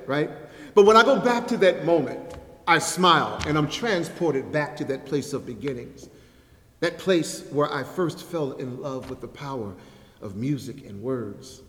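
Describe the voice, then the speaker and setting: A man's voice: a little high, animated, measured pace, fairly bright tone. A man giving a sermon at a church, reciting a rhyming spoken-word poem with a playful rhythm and leading the congregation in call-and-response. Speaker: guest speaker at a church service. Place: church sanctuary. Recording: echoey hall with long reverb.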